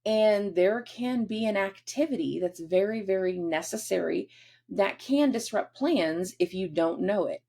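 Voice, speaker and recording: A woman's voice: medium pitch, lively intonation, a little slow, gravelly, dark tone, breathy edge. A woman hosting a casual astrology forecast, chatty and acting out quoted dialogue in different voices.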